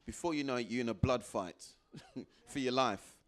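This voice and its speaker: A man giving a motivational talk to a live audience, repeating phrases for emphasis and acting out little exchanges with sudden jumps into a high voice. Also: normal speed. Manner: animated, acts out little dialogues with sudden high jumps in pitch. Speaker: guest speaker.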